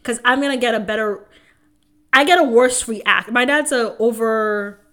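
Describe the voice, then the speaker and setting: A woman's voice: fairly high pitch, moderate pace, fairly bright tone. A woman in her twenties co-hosting a podcast, chatting casually and animatedly, telling family stories and acting out her parents' voices. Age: 20s. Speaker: podcast co-host. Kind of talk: casual chat.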